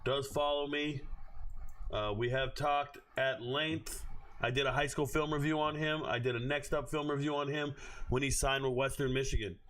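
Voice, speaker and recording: A man's voice: mid-range voice, fairly even intonation, normal speed, fairly bright tone. Blunt, profane man doing live sports commentary. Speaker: sports analyst streamer. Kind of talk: casual livestream commentary.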